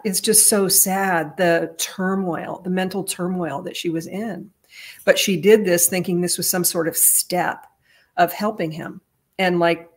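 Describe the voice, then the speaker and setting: A vlogger with a fairly low, slightly rough voice retells a family story in a casual monologue. She rambles earnestly, often restarting sentences, and her voice rises at the emotional moments.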